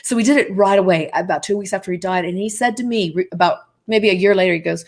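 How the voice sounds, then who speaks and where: A woman's voice: medium pitch, quick pace, few pauses. Chatty woman medium on a video call. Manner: chatty, digressive, speaks straight to viewers. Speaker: psychic medium guest. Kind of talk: casual live interview.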